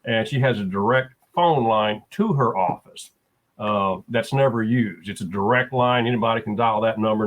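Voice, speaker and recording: A man's voice: fairly low pitch, rough recording. A man talking as a guest, telling a story at an easy pace with frequent fillers. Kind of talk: casual conversation.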